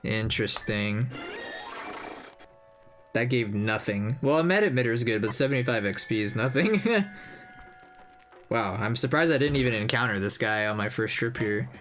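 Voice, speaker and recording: Chatty young man with a lively, bouncy voice. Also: mid-range voice, normal speed, long pauses, faint music behind. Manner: chatty, thinking aloud, slangy. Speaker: gamer playing through a game. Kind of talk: casual game commentary.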